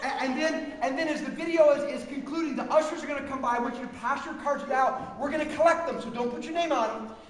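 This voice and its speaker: This man's very high voice moves fast as he preaches, playing the self-mocking, lively storyteller from the pastor's spot on a church stage. The sermon is comic, and the big church hall wraps it in echo and long reverb.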